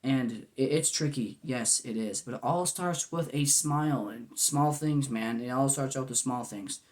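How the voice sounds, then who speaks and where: A vlogger in his twenties talks to camera in a casual, heartfelt monologue that's goofy yet earnest. His mid-range voice runs a little slow, and he rambles, peppering it with "man" and "you know."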